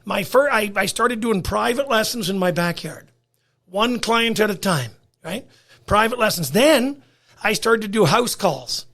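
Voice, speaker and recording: A man's voice: sits high, lively intonation, a little slow, pushed and bright. A man, a dog trainer guesting on a podcast, telling stories bluntly and swearing freely. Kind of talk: casual chat.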